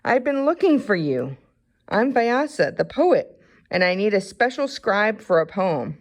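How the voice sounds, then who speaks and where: A woman voicing a wise old male poet in a storybook reading, calm and gentle. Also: mid-range voice, unhurried, voice pushed up. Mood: kindly.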